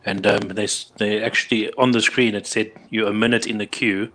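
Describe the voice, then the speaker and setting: A man's voice: on the low side, fairly even intonation, fairly quick, bright, forceful tone. A man co-hosting a livestream in easygoing, rambling chat, heard over a streaming video call. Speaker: livestream co-host. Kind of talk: casual chat.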